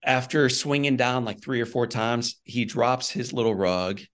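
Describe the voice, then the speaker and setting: A man from Missouri, a guest and author, telling his own story in an earnest, animated way and often saying "man". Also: medium pitch, a little slow. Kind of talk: conversational storytelling.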